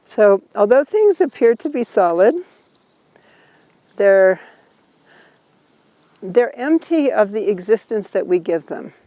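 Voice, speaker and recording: A woman's voice: mid-range voice, sing-song, slow, pauses often, mellow, no room sound. A woman teaching a group outdoors, explaining ideas patiently and laughing often as she talks. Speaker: Buddhist teacher leading a tour. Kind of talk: informal teaching while walking.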